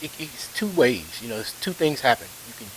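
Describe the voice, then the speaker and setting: A man's voice: big pitch swings, fairly quick, low-quality recording. A man being interviewed, telling a long story in a casual, rambling way with many fillers and chuckles. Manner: rambling anecdotes with frequent fillers and laughs. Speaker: interview guest, ragtime pianist. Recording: faint hiss, low-fi video.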